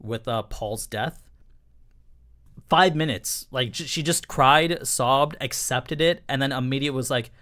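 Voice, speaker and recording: A man's voice: mid-range voice, a little slow, fairly bright tone. A young man hosting a casual live-stream anime review, talking in a chatty, emphatic way, full of 'like' and 'you know'.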